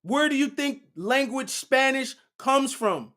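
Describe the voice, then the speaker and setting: A man's voice: very high voice, lively intonation, sharp tone. A man hosting a casual livestream, lecturing his viewers with a preachy run of rhetorical questions and repeated "right?" checks. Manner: slow and deliberate. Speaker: livestream host.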